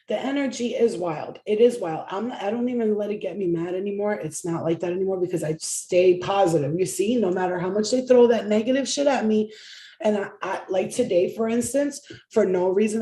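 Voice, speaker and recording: A woman's voice: a little high, dark tone, reverberant. A woman giving a casual live-stream tarot reading, blunt and profane, often chanting phrases over and over. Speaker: tarot reader.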